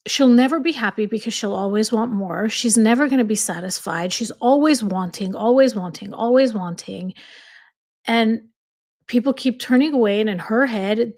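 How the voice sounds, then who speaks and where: Host, woman, slight accent, somewhat high voice, casual and chatty, reading and answering viewer comments. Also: darkish tone. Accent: slight foreign accent. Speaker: livestream host reading chat. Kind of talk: casual live chat.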